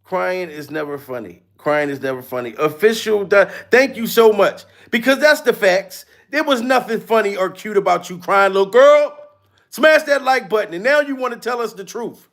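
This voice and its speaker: A man hosting a comedic livestream, animated and incredulous, swearing freely. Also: sits high, normal speed.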